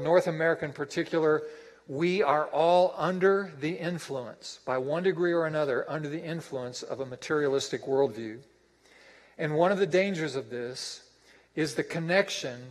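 A man's voice: a little high, long reverb tail, poor audio. A man preaching a sermon as pastor, emphatic and repeating his phrases for effect.

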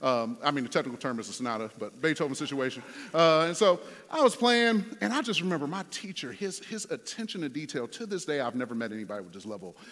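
A man's voice: fairly high pitch, lively intonation, fast talker, a bit bright. Man preaching in a reverberant hall. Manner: conversational storytelling with fillers. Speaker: pastor. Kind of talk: sermon.

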